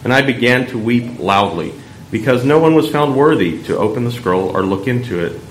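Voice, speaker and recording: A man reading scripture aloud in church, measured and solemn. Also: medium pitch, animated. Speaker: lector. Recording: echoey church room, faint background hum.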